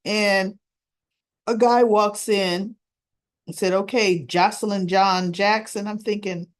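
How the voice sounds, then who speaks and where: A woman talking through a soap episode at an unhurried, drawn-out pace. Her pitch sits in an ordinary middle range. She chats casually, acts out each character's lines, and keeps checking in with "right?". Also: steady tone. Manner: chatty retelling of scenes, frequent "right?" and "she goes". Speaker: soap opera recap vlogger. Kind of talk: casual recap chat.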